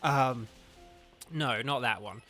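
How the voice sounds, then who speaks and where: He talks slowly in a mid-range voice that is bright and forceful, with faint music behind him. A young game streamer from southern England, he rambles chattily on his livestream and uses "like" heavily.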